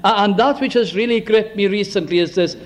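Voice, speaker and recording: A man preaching a sermon in an earnest, tender way, slowing for emphasis and dropping to a hush on key words. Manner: drops to a hushed low voice on key words.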